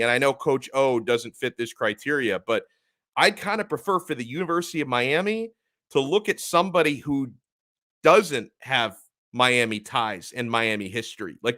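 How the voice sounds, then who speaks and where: Animated bright-voiced male sports host. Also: mid-range voice, dry recording. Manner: animated, emphatic, reads chat comments. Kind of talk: live-streamed sports talk.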